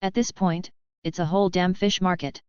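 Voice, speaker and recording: A woman voicing a sardonic, weary male fallen angel leader in a dry, deadpan way. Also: on the low side, moderate pace, clean tone, no room sound, close to an everyday voice. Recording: dull lo-fi audio.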